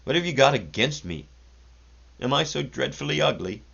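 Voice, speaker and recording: A man's voice: mid-range voice, lively intonation, moderate pace, gravelly, fairly bright tone, pitched above the performer's own voice, exaggerated voice. Man doing a bold upset peasant wife, scolding, muffled old-sounding audio. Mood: reproachful. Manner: crying, reproachful, insulting. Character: strong bold young peasant woman, tearful.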